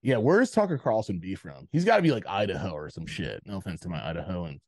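A man's voice: deep voice, fast, dry recording, clean studio sound. A man co-hosting a podcast in casual banter, swearing freely and acting out the people he talks about. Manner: swearing, animated, mimics people mid-story. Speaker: podcast co-host.

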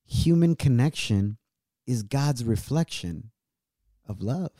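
A man's voice: mid-range voice, animated, slow, mellow, no echo. A man, talking earnestly in a casual heartfelt chat from a home studio. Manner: earnest, mixes in Spanish words. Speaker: co-host.

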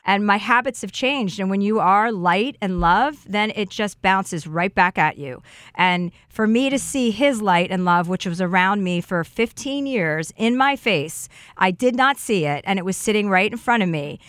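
A woman's voice: mid-range voice, animated, normal speed, fairly bright tone, dry recording. A woman on a podcast, sharing an earnest and heartfelt personal story in casual chat.

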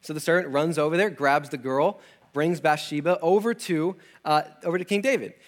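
Animated high-voiced young preacher. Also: male voice, brisk. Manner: animated, acts out characters with slang and laughs. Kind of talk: casual retelling sermon.

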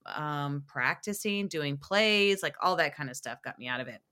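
A young woman talks on a podcast, her voice bright and forward, set a little low for a woman. She tells her stories in an animated way, with many fillers and restarts. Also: moderate pace, clean tone. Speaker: podcast guest. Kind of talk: casual interview chat.

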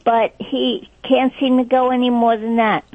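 A woman's voice: on the high side, level tone, moderate pace, no echo. A woman from Pennsylvania calling in to a radio show, hesitant and full of ums. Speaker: caller. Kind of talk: phone-in question. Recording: tinny phone line.

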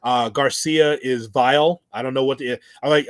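A man co-hosting a casual wrestling podcast, talking in an animated way and acting out quotes with laughter. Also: mid-range voice, moderate pace, few pauses, dry recording, clean studio sound. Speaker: podcast co-host.

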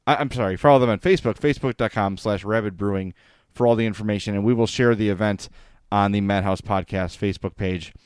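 Guy hosting a hockey podcast, excited and chatty, smooth clean voice, dry sound. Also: on the low side, no echo. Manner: enthusiastic, chatty, gets choked up. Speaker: podcast host. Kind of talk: casual sports podcast chat with sponsor reads.

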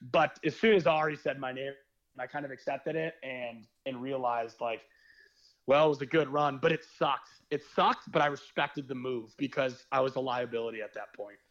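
Chatting casually on a podcast, this young man, once a reality show contestant, spins candid, meandering stories with slang and occasional swearing. His medium-pitched voice is fairly even in intonation and fairly bright, at a moderate pace, with the highs cut off.

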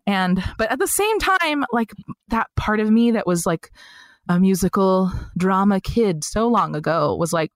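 Woman, podcast guest, bubbly comic storyteller, dry close sound, middle pitch. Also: moderate pace, no echo. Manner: chatty, animated storyteller full of "like" who slips into comic voices. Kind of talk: casual interview chat.

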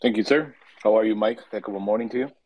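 A man's voice: on the low side, fast, a little mellow, poor audio. A man calling in to a chat show, hesitant and stumbling as he airs a grievance. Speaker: caller. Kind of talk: casual chat.

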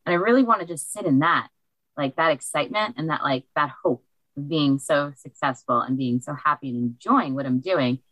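A woman guest chatting excitedly from a small library recording studio into a cheap microphone. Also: sits low, a little fast, no room sound, poor audio. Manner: bubbly, excitable. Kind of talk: casual chat. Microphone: cheap desk microphone.

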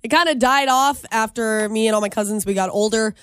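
A young woman co-hosting a radio show, telling a story in an animated way and laughing often. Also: a little high, fairly quick, clear, resonant tone, dry recording. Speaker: radio co-host. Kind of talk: casual radio chat.

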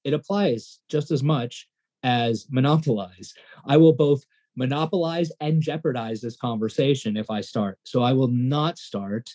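Man, podcast co-host, excitable, self-deprecating, husky, warm. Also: medium pitch, measured pace. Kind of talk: casual podcast chat.

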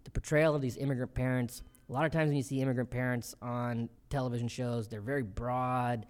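A man in his thirties, a comedian being interviewed, telling quick, animated stories and acting out quotes. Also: medium pitch, smooth. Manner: quick, animated storytelling with acted-out quotes and laughter. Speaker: comedian and show creator, guest. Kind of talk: casual interview.

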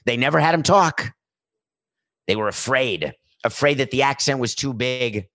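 Middle-aged male sports commentator, opinionated and emphatic, medium pitch, dead-dry recording. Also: lively intonation, normal speed, pushed and bright, no room sound. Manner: emphatic, repetitive, building lists. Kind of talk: opinionated monologue.

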